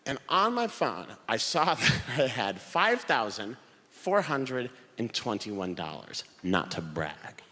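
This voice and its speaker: A man's voice: medium pitch, slow. A man doing stand-up comedy, telling wry stories on stage in a live venue. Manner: animated, wry storytelling. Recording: live hall reverb, faint room noise.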